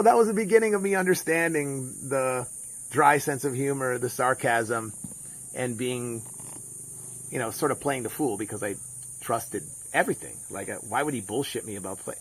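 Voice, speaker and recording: Middle-aged guy rambling thru a story, gravelly voice, lots of uhs and ums. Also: mid-range voice, moderate pace. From United States. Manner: rambling, with many fillers and restarts. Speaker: vlogger. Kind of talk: casual storytelling monologue.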